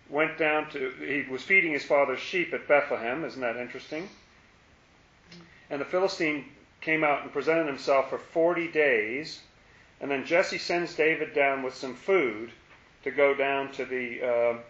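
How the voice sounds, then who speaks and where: A man teaching a conversational Bible study, musing aloud and repeating key phrases slowly for emphasis. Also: medium pitch, pushed and bright, reverberant, dull audio.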